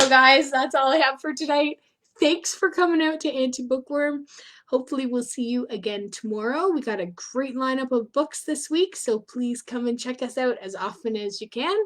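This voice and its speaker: A woman hosting a live online storytime for children, chatty and encouraging. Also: fairly high pitch.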